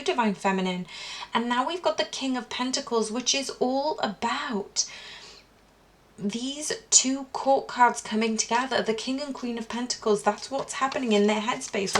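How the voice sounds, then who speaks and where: A woman reading tarot cards aloud in a calm, earnest spiritual tone, asking Spirit questions as she goes. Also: a little high, slight background noise. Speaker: tarot reader. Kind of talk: tarot card reading to camera.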